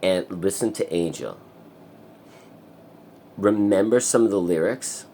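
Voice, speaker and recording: An American man speaks slowly in a rambling, profane monologue for his vlog. He sometimes breaks into loud, high singing, and the recording has a little hiss or hum.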